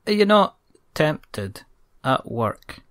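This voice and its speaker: A man hosting a podcast in casual chat, playful and quick to riff on jokes. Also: on the high side, big pitch swings, no echo, studio quality. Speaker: podcast host.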